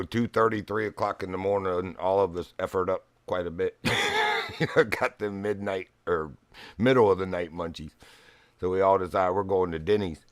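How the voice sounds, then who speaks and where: Streaming a fishing game in casual chat, a Virginia man with a deep voice tells meandering stories punctuated by frequent chuckles. The recording is dry.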